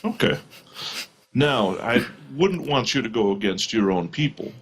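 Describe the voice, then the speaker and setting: A man playing a tabletop game, speaking in character in a measured, diplomatic way. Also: mid-range voice, expressive, breathy edge. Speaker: player.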